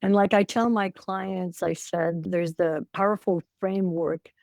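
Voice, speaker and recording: A woman's voice: on the low side, fairly even intonation, measured pace, vocal fry, a little mellow, no echo. An older woman, a co-parenting coach, telling personal stories in an emotional, repetitive way as a podcast guest. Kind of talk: casual interview chat.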